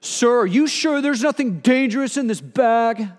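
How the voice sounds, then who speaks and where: A stern male airport security officer barks orders in a loud, booming, higher-pitched voice, as a preacher puts him on mid-sermon. He speaks slowly and firmly, and the words echo with a long reverb through a large hall. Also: expressive.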